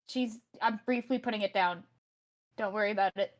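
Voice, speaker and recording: A woman's voice: medium pitch, fairly quick. A woman playing in a tabletop game, chatting casually and apologizing with a laugh. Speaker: player.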